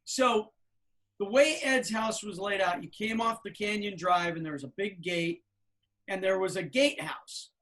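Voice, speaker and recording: A man's voice: sits high, moderate pace, slight background noise. Man in his fifties telling stories. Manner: anecdotal, animated retelling with many fillers. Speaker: podcast co-host. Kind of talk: casual storytelling chat.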